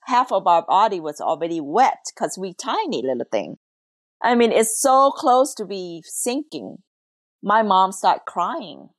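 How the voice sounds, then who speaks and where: A woman's voice: medium pitch, very animated, measured pace, no echo, studio quality. A woman from Laos, earnestly telling her family's story as a podcast guest, her English grammar loose. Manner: earnest, emotional, non-native English grammar. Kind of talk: personal storytelling in an interview.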